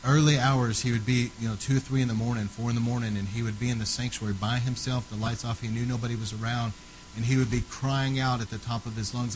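A man preaching with fervor in a sermon, his voice sitting at an ordinary middle pitch. He climbs to loud, pressing peaks and then sinks back to low, quiet lines. A faint hum sits under the recording. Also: steady tone, fast, poor audio. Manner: fervent, rising to loud emphatic peaks then dropping low.

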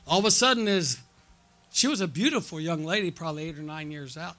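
A male pastor delivers a conference sermon full of stories, pulling call-and-response from the congregation with repeated "okay?" and "amen?" checks. His voice is fairly high, quick, pushed and bright.

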